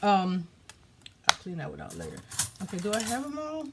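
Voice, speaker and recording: A woman's voice: mid-range voice, huge pitch swings, normal speed, very noisy. A woman hosting a casual crafting tutorial, chatty and self-laughing, talking straight to her viewers. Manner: chatty, laughs at herself, talks to viewers as y'all. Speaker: crafting video host.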